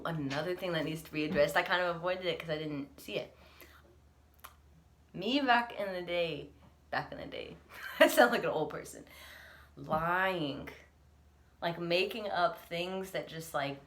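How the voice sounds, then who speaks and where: A young woman talking candidly in a confessional vlog, earnest and reflective, choked up and close to tears. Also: lowish voice. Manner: earnest, reflective, laughs through emotion. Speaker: vlogger.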